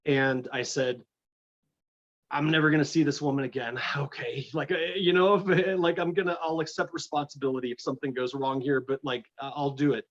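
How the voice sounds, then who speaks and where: A middle-aged man telling a personal story as a guest in an interview, animated and full of restarts. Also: medium pitch, brisk, muffled recording. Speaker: guest, energy healer.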